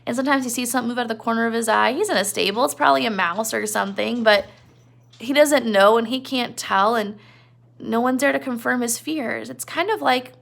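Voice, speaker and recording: A woman's voice: on the high side, brisk, creaky, a bit bright. A woman teacher giving a casual literature lesson, explaining in a chatty way with many fillers.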